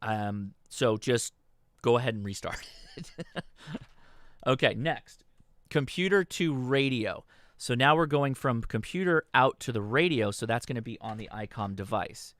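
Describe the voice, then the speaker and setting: A man talking through a radio software setup on a livestream, patient and instructional, often pausing to ask "okay?". His voice sits at an ordinary pitch and sounds dry and close, with no room echo. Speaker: host. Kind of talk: livestream tutorial. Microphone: desk microphone.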